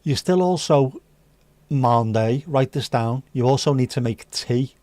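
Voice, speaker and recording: Male stream host, mid-pitched, cheeky banter, dry close-mic sound. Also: a little slow, mellow, dry recording. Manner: cheeky, banter-heavy, swears freely. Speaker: livestream host serving virtual drinks. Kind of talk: casual chat.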